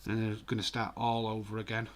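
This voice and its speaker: A man giving casual, excitable live football commentary and reading out viewer comments. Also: lowish voice, fairly quick. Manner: chatty, excitable, reads viewer comments aloud. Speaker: host of a live football watch-along.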